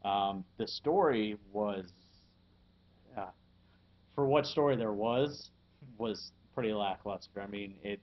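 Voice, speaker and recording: A man hosting a casual podcast and reviewing a video game. He talks in a halting way, with lots of fillers and frequent chuckles. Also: fairly low pitch, dull audio.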